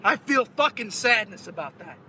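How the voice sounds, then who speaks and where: A man's voice: high-pitched, lively intonation, normal speed, sharp tone, a little hiss or hum, heavily acted, poor audio. An actor playing a crude, self-pitying male mobster, ranting profanely about his sadness in a movie clip. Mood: sulky rant. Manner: profane rambling rant.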